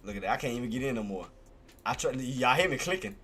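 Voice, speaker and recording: Day-trading streamer, male, bright and animated, excitable with a salty mouth, keeps repeating himself. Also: medium pitch, quick pace, faint music behind. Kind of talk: live trading commentary.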